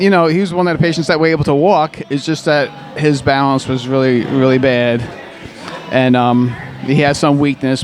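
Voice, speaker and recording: Chatty male physical therapist, halting restarts. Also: medium pitch. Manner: rambling, warm storytelling with frequent restarts and fillers. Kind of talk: conversational interview.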